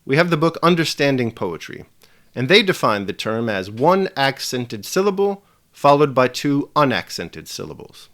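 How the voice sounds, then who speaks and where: A man presenting a scripted video lesson with a measured, emphatic delivery. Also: medium pitch, sing-song, a bit bright. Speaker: teacher.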